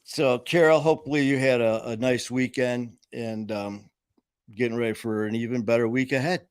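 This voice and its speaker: A man with a medium-pitched, clean, steady voice speaks at normal speed, captured in a dry, clean studio recording. As host of a casual live stream, he tells rambling, jokey stories and acts out the quotes.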